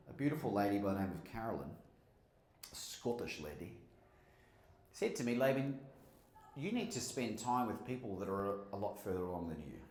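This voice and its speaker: A Melbourne-born Australian motivational speaker and podcast host delivers an animated live keynote, telling stories and asking the audience questions. His voice is medium-pitched, and the conference hall with its live audience gives the recording a roomy sound.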